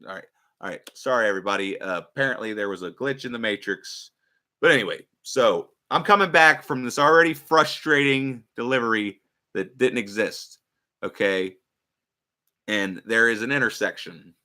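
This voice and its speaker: A man hosting a livestream, telling a story in casual, profane, animated talk. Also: fairly low pitch, moderate pace. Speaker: livestream host.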